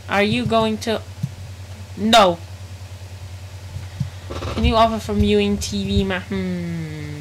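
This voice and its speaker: A woman gaming on a live stream, talking at an unhurried pace in a mid-height voice. Her speech is casual and full of slang, and she breaks into sudden excited reactions to chat. Faint noise sits behind her voice. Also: medium pitch, rough recording.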